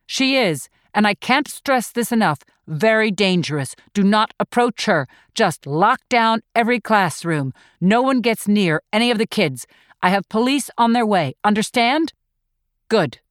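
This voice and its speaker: A woman's voice: mid-range voice, expressive, a little slow, dry recording, studio quality, close to an everyday voice. A woman reader playing an urgent, commanding male police detective giving orders.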